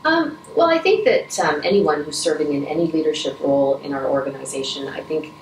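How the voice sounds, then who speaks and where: A woman's voice: low voice, lively intonation, a little fast. A middle-aged woman answering interview questions, earnest and emotional, with many restarts and moments where she chokes up. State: choked up at times. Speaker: interview guest, Rotary vice president. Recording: echoey room, from a distance, faint noise.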